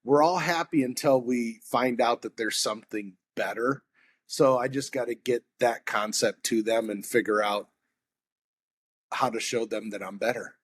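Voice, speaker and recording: A man's voice: medium pitch, moderate pace, slightly rough. A man on a sales podcast, talking casually and acting out both sides of customer conversations in his stories. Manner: animated storyteller acting out customer dialogue.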